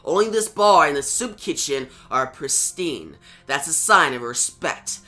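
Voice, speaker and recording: A man's voice: fairly high pitch, expressive, measured pace, pushed and bright, soft background music. A man reading a terse brooding vigilante.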